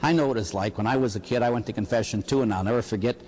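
A middle-aged priest from the Pittsburgh area giving a homily on confession, telling stories and acting out penitents with a rhetorical "huh?". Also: male voice, fairly low pitch, racing, long reverb tail, slight background noise. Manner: animated storytelling, acts out penitents and God with rhetorical "huh?".

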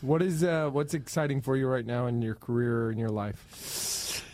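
A man's voice: mid-range voice, normal speed, background noise. A man hosting a podcast, asking questions and telling stories in casual chat. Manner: relaxed, storytelling, asks questions. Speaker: podcast host.

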